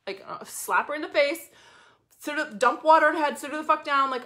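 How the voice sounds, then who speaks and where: A woman coach talking casually and bluntly to her viewers, swearing freely and in an animated way. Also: high-pitched, fairly quick. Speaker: business coach. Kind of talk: casual motivational talk to viewers.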